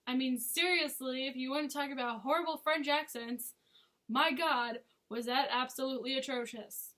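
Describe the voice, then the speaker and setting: A woman's voice: sits high, normal speed, pushed and bright. A woman chatting casually as a movie reviewer, with frequent giggles and sarcastic asides. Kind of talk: casual chat.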